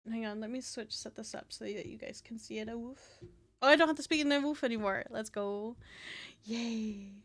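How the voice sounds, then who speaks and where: A young woman streaming a game live, chatting casually and excitably, swearing and tacking on a playful "woof". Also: on the high side, normal speed.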